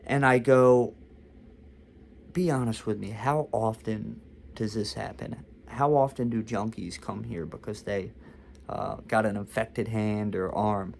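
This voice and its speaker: A man's voice: lowish voice, measured pace, creaky, darkish tone, slight background noise. A young man vlogging a casual storytime, talking candidly and confessionally about his own experience.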